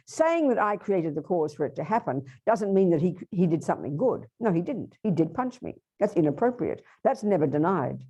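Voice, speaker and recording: Woman Buddhist teacher, low mellow voice, animated workshop delivery, questions to the room. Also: normal speed, hardly any pauses, husky, muffled recording. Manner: lively, acts out inner voices and asks the audience questions.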